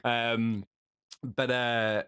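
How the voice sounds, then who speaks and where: A man's voice: mid-range voice, level tone, extremely slow, fairly bright tone, smooth, dry recording. A man chats on a homemade podcast, wandering through his stories with plenty of ums and restarts. His voice sits in an ordinary middle register. The sound is dry and close to the microphone. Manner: rambling storyteller, many restarts and fillers. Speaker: podcast co-host. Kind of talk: casual chat. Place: home streaming setup.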